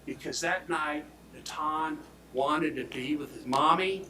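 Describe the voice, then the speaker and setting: A man delivers a prosecutor's closing argument, speaking emphatically and swinging between loud declarations and hushed near-whispers. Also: a little high, a little slow, a little hiss or hum. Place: courtroom. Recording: echoey courtroom audio from far off.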